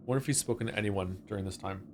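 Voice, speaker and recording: Low-voiced man musing over a game. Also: very fast, a little hiss or hum. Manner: thinks aloud, trails off and restarts. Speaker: streamer. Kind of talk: casual game stream commentary.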